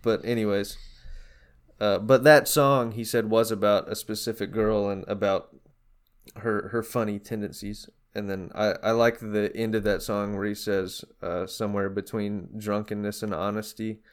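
A man's voice: on the low side, steady tone, moderate pace, clear, resonant tone. Rambling young man in casual podcast chat. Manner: rambling, many fillers and restarts. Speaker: podcast co-host. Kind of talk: casual chat about music.

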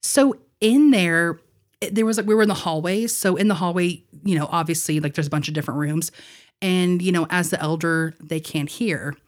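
A young woman with a fairly low voice tells a personal story on a podcast. She is chatty and laughs often, and her speech is full of casual fillers. The feel is a relaxed conversation between co-hosts. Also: normal speed. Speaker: podcast co-host.

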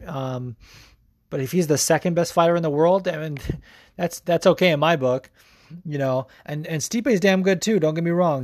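A man's voice: a little high, darkish tone, no room sound, clean studio sound. A young man hosting a podcast, giving casual, profane sports commentary full of fillers. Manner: loose and profane, lots of fillers. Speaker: podcast host.

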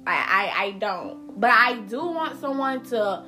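Casual, emphatic South Carolina Geechee woman host, higher and bright, faint music under. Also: animated, unhurried. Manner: chatty, repeats words, slangy and emphatic. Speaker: podcast host. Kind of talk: casual solo podcast monologue.

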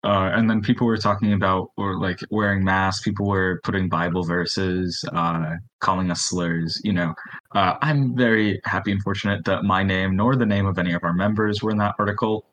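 A man as a podcast guest in casual chat, wry and deadpan, poking fun at himself. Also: low-pitched, moderate pace, highs cut off.

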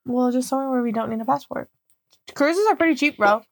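A woman's voice: sits high, fast talker, vocal fry, dry recording. A young woman in casual podcast chat, swearing a lot and laughing often.

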